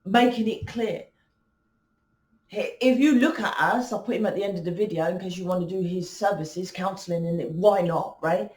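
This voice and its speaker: A woman's voice: on the low side, normal speed, a little mellow, reverberant. A woman hosting a spiritual channel, talking casually and rambling with many restarts and fillers. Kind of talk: casual spiritual talk to camera.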